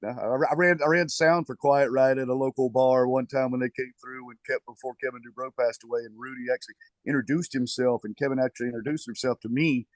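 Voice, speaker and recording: A man, a bass player rambling with many fillers as a guest in a casual podcast interview. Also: steady tone, fast, no echo.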